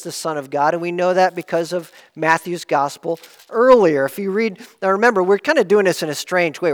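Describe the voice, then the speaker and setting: High-voiced preacher in an echoing hall. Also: male voice, fairly bright tone. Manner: earnest, explanatory, rises for emphasis and drops low at the close of points. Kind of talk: sermon.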